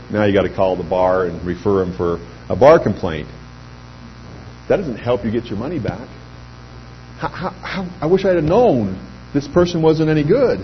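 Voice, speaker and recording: A middle-aged man giving an anecdotal pitch speech to a live audience, telling lively stories and acting out quoted voices. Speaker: speaker addressing a sales audience. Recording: dull lo-fi recording with faint hum.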